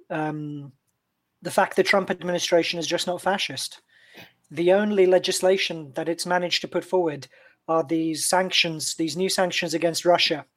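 A man co-hosting a podcast, thinking aloud in a halting way with many ums. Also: on the high side. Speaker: podcast co-host. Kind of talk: casual podcast chat.

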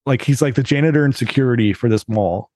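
A man of ordinary pitch talks loosely on a podcast, piling up fillers and restarting his sentences as he recaps something. The sound is close and dry. There is no room echo. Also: fast talker, darkish tone. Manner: rambling, heavy use of "like" and "uh". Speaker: podcast co-host. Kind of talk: casual chat.

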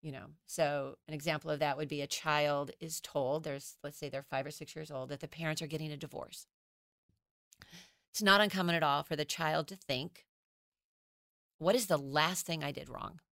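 A woman who teaches children's ministry, explaining child development as a guest in a podcast interview, animated and acting out how children talk. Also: sits low, normal speed, no room sound, studio quality. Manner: animated, acts out children's voices.

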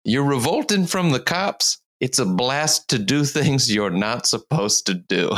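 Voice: medium pitch, expressive, a little slow, a bit bright. A podcaster voicing a rowdy eighteen-year-old male rioter in a put-on Massachusetts accent, drawn out and laughing. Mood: gleeful.

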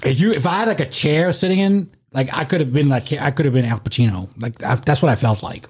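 Husky man telling a rambling story. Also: mid-range voice, quick pace, darkish tone. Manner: rambling, laughing, with many restarts and swearing. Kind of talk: casual storytelling chat.

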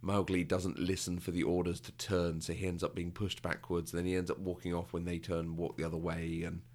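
Talking fairly quickly in a low, monotone, darkish voice, a British man co-hosts a podcast in a casual, chatty way. He frequently laughs and acts out quotations.

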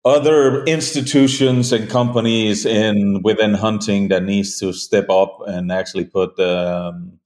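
Guest interviewee: a man with a deep voice, earnest, halting speech full of fillers. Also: fairly even intonation, a little mellow. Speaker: hunting show creator, guest. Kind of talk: conversational interview.

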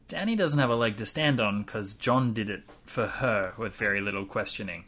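Guy recapping a show with a friend, mid pitch, chatty, does little voices for the characters. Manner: animated retelling with quick impressions of characters. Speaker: podcast co-host. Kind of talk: casual recap chat.

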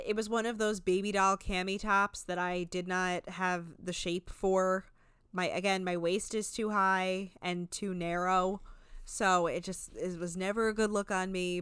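A woman's voice: mid-range voice, a bit bright, clean tone, dry recording. A woman co-hosting a podcast, recapping a reality show in casual chat with sarcastic, swearing asides.

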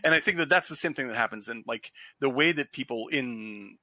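A man hosting a podcast about film, casual and animated, self-deprecating, often stumbling and restarting. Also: mid-range voice, brisk, no room sound.

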